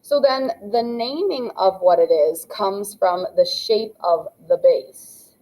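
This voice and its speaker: A woman's voice: medium pitch, slow, warm tone, poor audio. A young adult woman teaching a math lesson, explaining step by step as she draws. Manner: patient, explains step by step while drawing. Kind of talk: classroom lesson narration.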